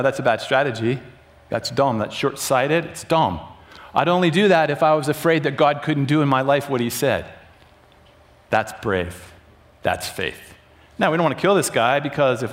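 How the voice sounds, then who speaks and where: A middle-aged man preaching a sermon, telling stories and acting out the quoted lines with sudden jumps up in pitch. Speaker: pastor.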